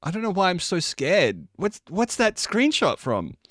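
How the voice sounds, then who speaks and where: Animated streamer man. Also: high-pitched, no echo, studio quality. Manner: animated, joking, quick laughs. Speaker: streamer reacting to videos. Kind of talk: casual reaction chat.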